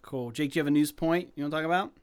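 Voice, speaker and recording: Male co-host, loose excitable gamer chatter, rambles and restarts. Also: on the high side, racing, clean tone. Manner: rambling, filler-heavy, excitable. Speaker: podcast co-host. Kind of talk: casual gaming chat.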